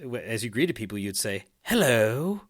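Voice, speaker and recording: A man's voice: mid-range voice, animated, moderate pace, a bit bright. Chatty male podcast host. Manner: chatty, laughs easily, many fillers and restarts. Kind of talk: casual podcast chat.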